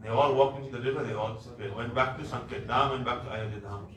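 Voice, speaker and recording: A male preacher tells a devotional story in an animated way, acting out the dialogue and explaining terms as he goes. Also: medium pitch, quick pace. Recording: echoey room, mic far off, faint noise.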